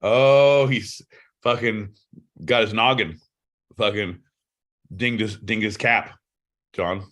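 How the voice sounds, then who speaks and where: A man's voice: lowish voice, slow pace, pauses often. A man co-hosting a podcast, swearing a lot and teasing his partner in casual comedic banter. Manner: profane, teasing, animated. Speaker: podcast co-host.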